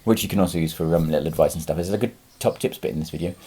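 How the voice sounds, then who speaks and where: A man's voice: low-pitched, racing, dark tone, husky. A man talking casually to camera as a lorry driver vlogger, rambling with fillers and restarts and swearing freely when he gets angry. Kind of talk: casual vlog monologue.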